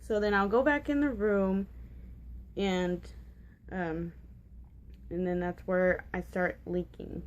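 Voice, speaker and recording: A woman's voice: on the low side, steady tone, slow pace, pauses often, dull audio. Chatty, rambling woman in her twenties. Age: 20s. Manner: rambling, chatty, frequent fillers and restarts; candid and giggly about awkward details. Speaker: vlogger. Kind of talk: casual storytelling vlog.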